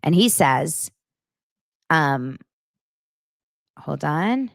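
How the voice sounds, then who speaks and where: A woman's voice: deep voice, animated, very slow, vocal fry, dry recording, studio quality. A woman hosting a casual commentary vlog, talking frankly and chattily with frequent asides. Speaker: host.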